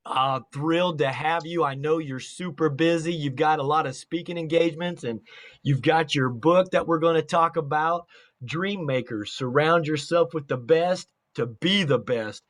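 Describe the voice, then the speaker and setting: An energetic man hosting an interview show, with a fairly high voice for a man. He kicks things off in a hype-style, motivational way and keeps the chat lively. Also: normal speed. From Salt Lake City area, United States. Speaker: podcast host.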